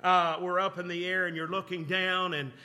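A man's voice: high-pitched, flat delivery, moderate pace, sharp tone. A man preaching a sermon, telling a story and building to fervent call-outs to the congregation.

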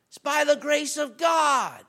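A guest preacher delivers a sermon, speaking to the congregation in a relaxed, conversational, animated way. At times he rises to shouting, and when reading scripture he becomes lower and slower.

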